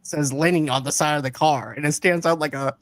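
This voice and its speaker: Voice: mid-range voice, fairly even intonation, brisk, no echo. A co-host in a casual movie review chat, recounting scenes and quoting lines in a conversational way.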